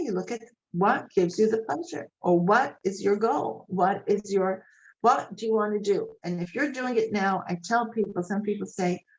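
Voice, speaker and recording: An older woman gives an informal Torah class in a lively storytelling way, acting out conversations and mixing in Hebrew terms. Her voice sits in a middle register. The recording is dull and lo-fi. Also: mid-range voice. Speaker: Torah lecturer.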